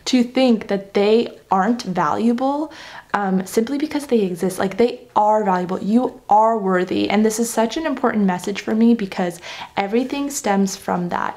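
A woman's voice: mid-range voice, a little mellow. Earnest young woman parenting vlogger. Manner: earnest, reflective, frequent "you know" and "like". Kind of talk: casual talking-head vlog.

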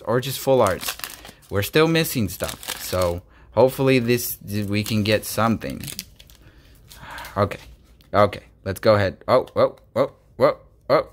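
A man hosting a casual card-opening video, excitable, swinging from quiet muttering to loud bursts, his voice going hoarse. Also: medium pitch, a little hiss or hum. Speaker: YouTube host opening trading cards.

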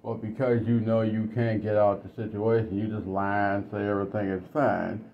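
Blunt low-voiced man telling stories. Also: little pitch movement, normal speed, slight background noise. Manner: blunt, conversational. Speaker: commentator. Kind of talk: casual storytelling monologue. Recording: dull lo-fi recording.

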